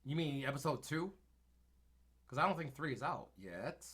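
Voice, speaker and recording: A man co-hosting a podcast, recapping in casual chat and swinging between loud excited bursts and low mumbles, winded from talking. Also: moderate pace, slight background noise. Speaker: podcast co-host.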